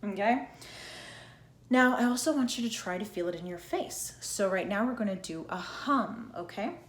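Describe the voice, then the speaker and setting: A woman's voice: medium pitch, expressive, normal speed, reverberant. A woman teaching an online singing lesson, explaining plainly, checking in often with "okay?" and singing short demonstration notes. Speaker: singing coach.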